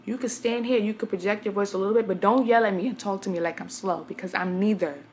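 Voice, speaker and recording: Young woman vlogger from Brooklyn, medium-pitched, blunt and chatty, talks straight to her viewers. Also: fairly even intonation, quick pace, a little mellow, a little hiss or hum. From Brooklyn, New York. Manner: chatty, blunt storyteller addressing viewers directly. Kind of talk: casual talk to camera.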